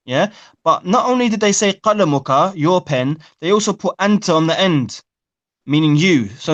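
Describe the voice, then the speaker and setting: A man's voice: sits high, animated, moderate pace, a bit bright. A man teaching a live online Arabic class, correcting students' pronunciation and explaining grammar.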